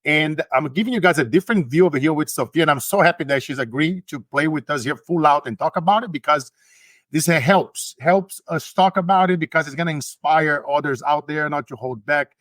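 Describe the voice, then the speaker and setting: A man's voice: on the high side, fairly quick, fairly bright tone, no room sound. A man hosting a motivational show, preachy and rallying his audience. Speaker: host and motivational speaker.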